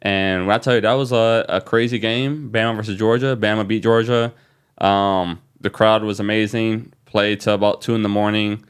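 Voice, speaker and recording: Low smooth-voiced guy from new orleans, excited podcast story, lots of ums. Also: normal speed. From New Orleans, USA. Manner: animated, excited retelling with fillers. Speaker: guest DJ. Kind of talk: casual storytelling.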